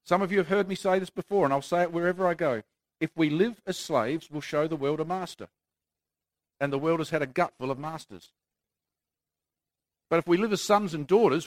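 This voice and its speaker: A man's voice: a little high, a little fast, dry recording. A man preaching a sermon in an earnest, conversational way with touches of self-deprecating humour.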